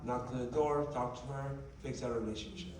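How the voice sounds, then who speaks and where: A man with a medium-pitched voice speaks fairly quickly, giving a motivational talk built on stories and acting out the dialogue with animation. The distant microphone captures an echoey hall, a large meeting room, and slight background noise as he addresses a group.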